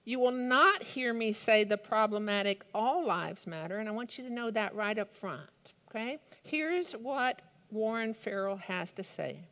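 A woman preaching a sermon in a slow, deliberate way with dramatic pauses. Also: medium pitch, a bit bright. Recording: long hall reverb.

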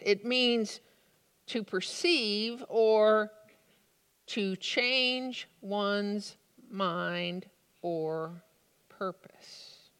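A woman preaches slowly and deliberately, leaning into her stories with a dry wit. Her voice is bright and forward. The sound carries a long reverb, as in a large church hall. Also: medium pitch, smooth. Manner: measured, storytelling delivery with dry humor. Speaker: pastor. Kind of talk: sermon.

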